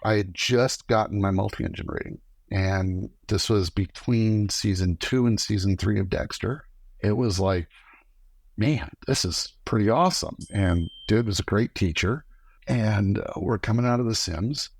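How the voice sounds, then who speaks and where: Low gravelly-voiced man telling stories. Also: measured pace, no echo. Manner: animated storyteller acting out quoted dialogue. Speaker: podcast guest, former camera operator. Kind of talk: casual storytelling interview.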